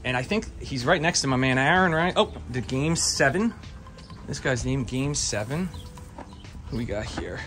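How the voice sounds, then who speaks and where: A man with a mid-range voice, talking at normal speed, hosts a casual walk-and-talk vlog outside at a horse barn shed row on a racetrack. Filmed handheld, he comes across excited and chatty, now and then stumbling over his words.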